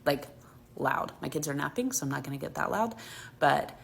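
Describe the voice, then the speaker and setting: A woman's voice: deep voice, expressive, normal speed, gravelly, a little hiss or hum. A woman from Alabama, telling a story about her kids in a heated, emphatic way, with lots of "like". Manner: heated, emphatic, heavy use of "like". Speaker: mother. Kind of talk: casual storytime.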